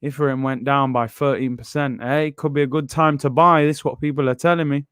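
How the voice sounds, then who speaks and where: A man's voice: mid-range voice, steady tone, fairly quick, a bit bright, clear, resonant tone, no room sound, studio quality. A man hosting a live football watchalong, chatting casually in slang and reading out chat messages.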